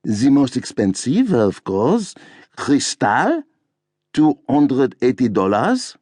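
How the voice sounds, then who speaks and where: A man's voice: sits low, huge pitch swings, slow pace, slightly rough, no room sound, clean studio sound, heavily acted. A man voicing a snooty young male waiter who talks with a faux accent in a haughty, affected way. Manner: haughty, affected, nose in the air.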